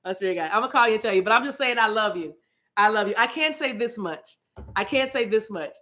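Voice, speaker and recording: A woman's voice: medium pitch, expressive, quick pace, sharp tone. A woman hosting a spiritual livestream, chatting casually and playfully with viewers, laughing often and greeting them by name.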